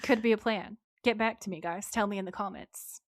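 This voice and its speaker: Animated woman podcast host. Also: medium pitch, a little fast. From United States. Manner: animated storytelling, acting out quotes. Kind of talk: casual episode recap.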